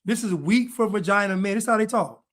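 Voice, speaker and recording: A man's voice: sits high, fast talker, a bit bright. A man giving reaction commentary in a blunt, preachy way, repeating his points. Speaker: online commentator.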